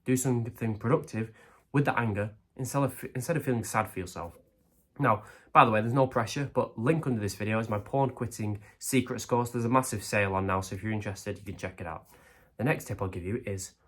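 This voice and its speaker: A young adult man with a fairly low, fairly bright voice talks a little fast while giving crude, straightforward self-improvement advice to camera. He peppers it with rhetorical questions and tags like "right?" and "okay?", voicing his brain in quoted asides.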